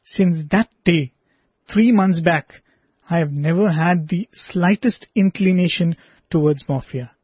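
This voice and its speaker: A man reading a personal testimony aloud in an earnest, measured way, then speaking reflectively to listeners as a presenter. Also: on the high side, slightly rough, no echo. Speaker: devotional radio presenter. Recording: dry, slightly dull lo-fi recording.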